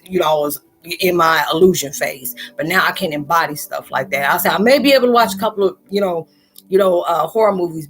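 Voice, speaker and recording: A woman's voice: on the low side, fairly bright tone. A woman vlogger talking earnestly and emotionally in a loose, rambling monologue, acting out the people she quotes. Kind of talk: heartfelt monologue to camera.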